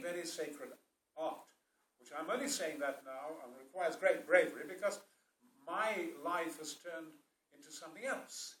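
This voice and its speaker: A man with a Yorkshire accent telling stories about acting in a booming, theatrical way, swinging from a hush to a roar. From South Yorkshire, England. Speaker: actor. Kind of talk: theatrical storytelling interview. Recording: roomy sound from a distant mic.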